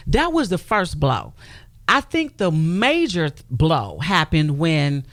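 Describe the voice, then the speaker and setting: A woman's voice: sits low, huge pitch swings, a little slow, no echo. A woman who is a guest on a radio talk show, telling her personal story emphatically and acting out the quotes she recounts. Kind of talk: personal testimony in a radio interview. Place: radio studio.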